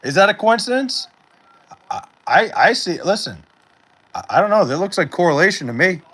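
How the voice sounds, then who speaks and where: A man's voice: sits high, big pitch swings, normal speed, fairly bright tone. A young man chatting casually on a live stream, joking and swearing loosely with his chat while sounding tired. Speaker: livestreamer. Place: at home in Wisconsin.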